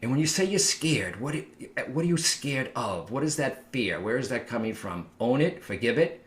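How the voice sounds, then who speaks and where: Very animated and at normal speed, a medium-pitched man speaks in a roomy-sounding space. He's a psychic medium chatting directly to the camera, offering advice and regularly asking his viewers "all right?".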